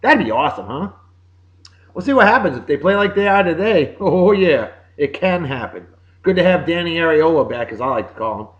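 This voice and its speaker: Upbeat Boston man with lively pitch. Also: a little fast, dull audio. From Massachusetts. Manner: upbeat, jokey, sing-song greetings. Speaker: podcast host. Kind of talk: casual birthday shout-outs.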